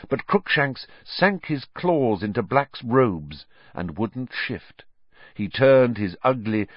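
A man reading a novel aloud as narrator in an expressive, measured way. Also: on the low side, dry recording, highs cut off. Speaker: audiobook narrator. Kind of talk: scripted narration.

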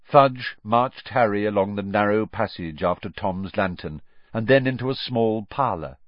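A man narrating a story aloud in an expressive storytelling manner. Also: lowish voice, normal speed, no room sound. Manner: expressive storytelling with lively rises and falls. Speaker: audiobook narrator. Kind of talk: scripted narration. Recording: dull, dry studio recording.

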